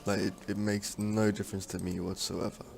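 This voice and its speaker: Gaming host: man, low gravelly voice, rambling think-aloud commentary, faint music behind. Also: flat delivery, brisk. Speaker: strategy game let's-player. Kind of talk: casual gameplay commentary.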